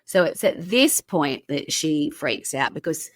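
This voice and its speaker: A woman's voice: low voice, animated, unhurried, no echo, studio quality. A woman hosting a podcast, telling a true crime story in a chatty, casual way and laughing at her own slips.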